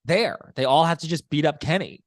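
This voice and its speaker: A man's voice: fairly high pitch, fairly quick, dry recording, studio quality. A man co-hosting a podcast, talking in a casual, analytical way with long explanations. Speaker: podcast co-host. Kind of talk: casual chat.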